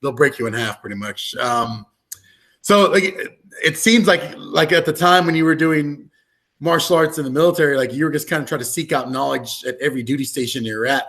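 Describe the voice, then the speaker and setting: A man's voice: fairly high pitch, a little fast, fairly bright tone. A man hosting a casual podcast interview, asking questions in a hesitant way with many ums and likes. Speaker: podcast host.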